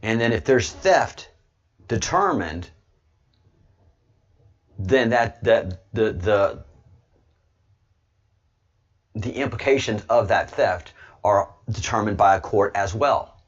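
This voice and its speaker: A man with a deep, low voice hosts his online show in heated commentary, hammering points and stumbling over repeated words. The sound is dull and lo-fi. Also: animated, slow pace, pauses often. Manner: emphatic, repeats words while pushing a point. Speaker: host of an online video show.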